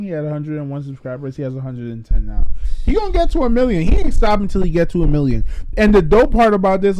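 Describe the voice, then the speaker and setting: A young man co-hosting a podcast in casual chat, animated and slangy, swearing freely. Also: a little high, smooth, no echo. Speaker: podcast co-host. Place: podcast studio.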